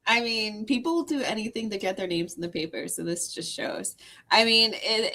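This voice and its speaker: A woman's voice: medium pitch, moderate pace, bright, forceful tone. A woman on a talk show panel, giving offhand, dismissive opinions. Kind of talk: casual talk show commentary.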